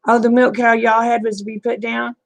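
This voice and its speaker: A woman's voice: a little high, flat delivery, fairly quick, vocal fry. A middle-aged woman with a Southern US accent, chatting casually with viewers and answering their comments in a folksy way. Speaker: livestream host.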